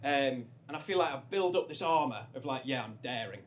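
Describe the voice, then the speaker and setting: A man's voice: mid-range voice, animated, brisk, a little hiss or hum. A young man from North East England telling a funny personal story on stage, rambling and self-deprecating, with many restarts.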